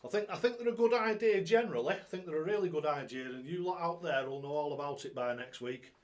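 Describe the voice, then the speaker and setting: A man's voice: fairly high pitch, quick pace. A man hosting a casual live stream, rambling along in a chatty way and greeting viewers by name, recorded on a tablet at home. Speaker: live-stream host and darts coach.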